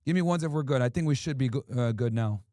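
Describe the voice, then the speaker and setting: A man hosts a livestream, ranting casually and swearing as he answers his chat. His medium-pitched voice moves quickly with a warm tone, recorded clean in a studio with no room sound.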